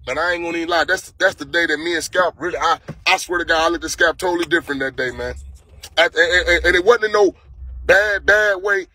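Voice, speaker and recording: Animated high-voiced man on livestream. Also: fast talker, husky, no room sound. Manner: animated storytelling, heavy profanity, repeats phrases. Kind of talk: casual livestream talk.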